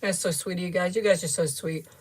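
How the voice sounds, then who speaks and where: A middle-aged host talks at a quick pace in a low, husky, slightly mellow voice with a steady tone. In this casual livestream she tastes a sweet, giggles frequently, and thanks viewers by name with gushing warmth.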